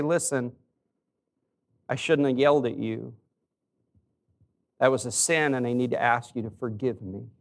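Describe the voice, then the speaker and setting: Storytelling preacher man, soft to emphatic. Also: fairly high pitch. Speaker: pastor. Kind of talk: sermon.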